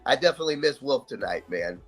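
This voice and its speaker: A man's voice: medium pitch, very animated, quick pace, breathy edge, faint music behind. A man from Australia co-hosting a casual podcast, giggling and hesitant as he talks.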